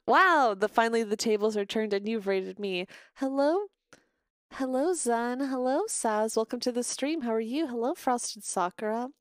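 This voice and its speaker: A woman's voice: medium pitch, clean tone, no echo. Rambling, foul-mouthed woman streamer, dry mic. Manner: rambling, swears freely, greets chat mid-story. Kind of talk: casual live-stream chat while gaming.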